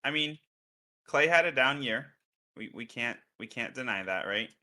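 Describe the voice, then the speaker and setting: Male co-host, very bright and sharp tone, casual joking sports talk. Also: mid-range voice, expressive, moderate pace. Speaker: podcast co-host.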